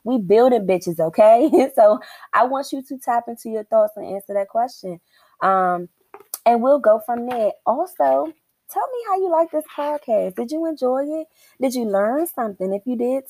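A young adult woman hosting a podcast, telling a story in a casual, animated and profane way and acting out her own inner dialogue. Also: fairly high pitch, dry recording, low-quality recording. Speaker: podcast host.

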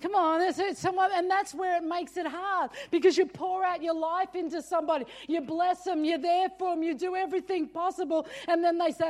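High-pitched woman pastor preaching emphatically, with a storytelling sermon delivery. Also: fairly quick, few pauses, a little mellow. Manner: emphatic, repeats "come on".

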